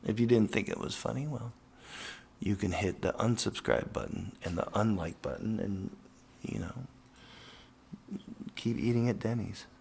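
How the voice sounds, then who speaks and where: A professional skateboarder telling a casual, profane, rambling story with lots of fillers. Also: male voice, on the low side, expressive, a little slow, vocal fry, a little mellow, slight background noise.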